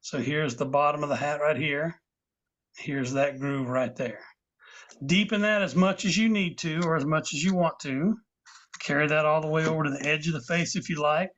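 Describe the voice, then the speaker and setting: Man, woodcarving instructor, slightly high voice, patient step-by-step explaining, live online class, muffled lo-fi call audio. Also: moderate pace, a bit bright. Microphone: video call. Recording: dull lo-fi video call audio.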